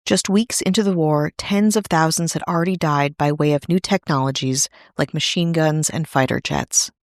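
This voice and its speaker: A woman's voice: low-pitched, normal speed, dry recording, clean studio sound. A woman podcast host giving a scripted storytelling narration, dropping in wry asides. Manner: wry asides in a serious telling.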